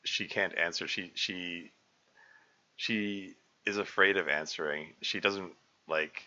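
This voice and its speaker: A man's voice: low-pitched, steady tone, slow pace, pushed and bright. A man giving casual live commentary as a game developer, rambling and hesitant. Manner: rambling, hesitant, many fillers. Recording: dull lo-fi recording with faint music.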